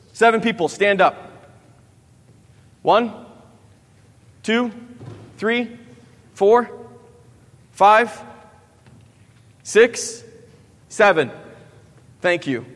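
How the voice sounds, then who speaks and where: A man's voice: high voice, fairly bright tone. A man in his thirties preaching a sermon, asking the audience questions and tagging many lines with "right?". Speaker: youth pastor. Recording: long hall reverb.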